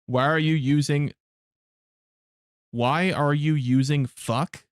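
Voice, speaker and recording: Guy ranting to his stream chat, swears a ton, kinda high voice, dry no room sound. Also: fairly even intonation, slow, long pauses, clear, resonant tone, no room sound. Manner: blunt, profane ranting to chat. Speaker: live game streamer. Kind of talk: casual live-stream chat.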